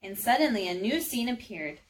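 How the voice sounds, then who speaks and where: A woman's voice: medium pitch, lively intonation, moderate pace, slight background noise. Woman reading a children's storybook. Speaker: storybook reader.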